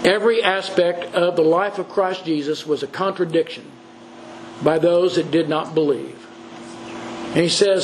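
A man with a fairly high voice preaching a sermon. He is earnest and repeats key phrases for weight. Faint background noise runs under the recording. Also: moderate pace, poor audio.

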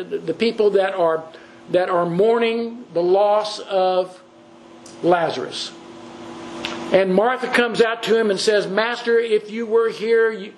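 A man's voice: high-pitched, slight background noise, low-quality recording. A man preaching a sermon in an earnest way, repeating phrases for emphasis.

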